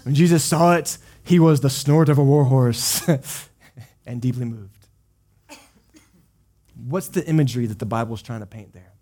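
A man's voice: mid-range voice, measured pace, pauses often, warm tone. A man preaching a sermon as a pastor. He explains scripture in a conversational way, with casual asides, and acts out quoted voices of people. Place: church service.

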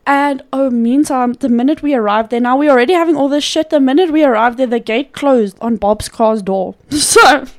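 A woman's voice: high voice, normal speed, hardly any pauses. A woman co-hosting a podcast, telling a story casually with lots of swearing and frequent laughter. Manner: profane, animated, laughs often. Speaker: podcast co-host.

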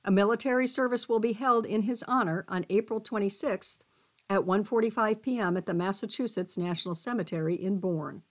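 A woman reading a local newspaper column and obituaries aloud for a radio reading service, with expressive delivery. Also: medium pitch, brisk. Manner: expressive reading, voicing quotes. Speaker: volunteer newspaper reader.

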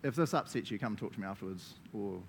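A man with a New Zealand accent preaching a lively sermon to a congregation, laughing often and acting out the voices he quotes. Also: on the low side, fast, a little hiss or hum.

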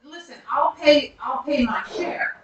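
A woman's voice: sits high, unhurried, shouting, muffled recording, a crowd in the background. A woman co-hosting a podcast, chiming in with short, playful remarks during casual banter. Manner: short agreeing interjections, playful.

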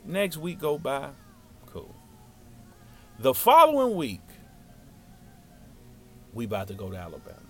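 A man telling a story from his childhood in a casual, slangy, animated way. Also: mid-range voice, a little slow, pauses often.

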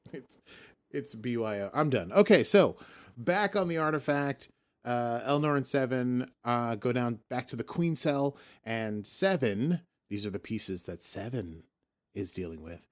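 Guy rambling on a podcast, mid-pitched voice, keeps correcting himself, jokey. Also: expressive, unhurried. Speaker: podcast co-host. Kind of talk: casual chat recapping a TV episode.

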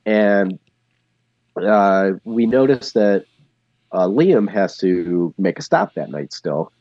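A man's voice: fairly low pitch, expressive, slow pace, a little mellow, no echo, muffled recording. A man co-hosting a podcast, casually retelling a TV episode's plot and loosely acting out its lines. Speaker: podcast co-host. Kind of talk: casual chat recapping a TV episode.

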